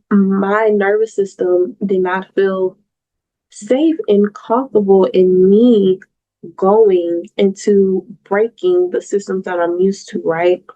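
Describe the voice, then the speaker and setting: Earnest woman podcaster, mellow voice. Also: mid-range voice, steady tone, unhurried, low-quality recording. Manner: earnest, reflective, repeats phrases for emphasis. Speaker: astrologer podcast host. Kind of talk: personal solo podcast monologue. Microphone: talking into a mic on camera.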